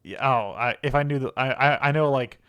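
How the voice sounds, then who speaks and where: A man's voice: medium pitch, a little fast, a bit bright, clear, resonant tone. A young man co-hosting a casual gaming podcast, joking and laughing as he rambles. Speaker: podcast co-host.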